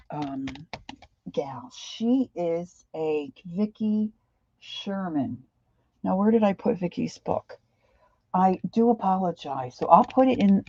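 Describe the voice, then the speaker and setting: A woman's voice: lowish voice, a little mellow, no room sound, muffled recording. An older woman with a Philadelphia accent, chatting casually on a craft livestream and greeting viewers by name. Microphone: desk microphone.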